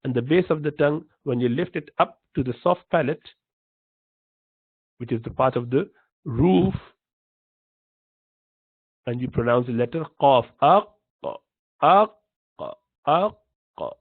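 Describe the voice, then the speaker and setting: A man teaching pronunciation in a slow, patient lesson, repeating each sound to demonstrate it. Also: mid-range voice, slightly rough, dry recording. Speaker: Quran recitation teacher. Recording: dry, tinny phone-like line.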